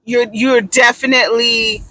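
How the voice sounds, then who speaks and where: A woman's voice: fairly high pitch, level tone, unhurried, pushed and bright, no echo, low-quality recording. A woman, talking casually in a personal vlog, rambling and repeating herself with many restarts. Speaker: vlogger.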